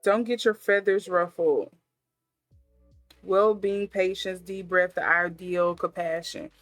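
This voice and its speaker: A woman's voice: on the low side, fairly even intonation, slow pace, no echo, faint music behind. Musing woman reading tarot cards. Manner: musing, thinking aloud with many fillers. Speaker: tarot reader. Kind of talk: casual intuitive tarot reading.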